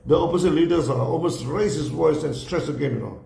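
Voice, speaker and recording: A man's voice: a little high, brisk, gravelly, few pauses, mellow, roomy sound. A man retelling a business encounter as a story. He acts out the quoted lines and keeps dropping "you know" and "no" into his sentences. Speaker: speaker telling a business story. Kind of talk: storytelling talk.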